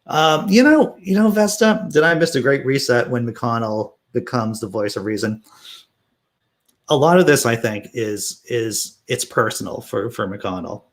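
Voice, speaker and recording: A man's voice: medium pitch, a little slow. A man hosting a casual political commentary stream, reading news aloud with sarcastic asides and answering chat. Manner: sarcastic, animated, laughs while reading.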